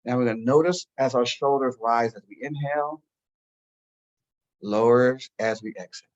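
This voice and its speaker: A man guiding a listener through a calm breathing and relaxation meditation, giving slow, soothing instructions. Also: medium pitch, lo-fi sound. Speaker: meditation guide. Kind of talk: guided meditation.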